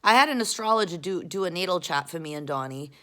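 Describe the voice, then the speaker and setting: A woman vlogging at home, rambling bluntly and swearing as she talks to a camera she holds close, jumping between loud outbursts and quiet mutters. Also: on the low side, expressive, quick pace. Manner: rambling, profane and blunt, often restarting. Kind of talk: casual confessional rant.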